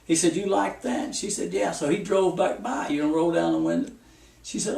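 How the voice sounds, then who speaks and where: A man's voice: sits high, fairly quick, vocal fry, darkish tone, far from the mic. A man preaching a folksy sermon full of stories and repeated warnings. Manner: folksy, repetitive warnings with anecdotes. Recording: echoey room, speaker off-mic.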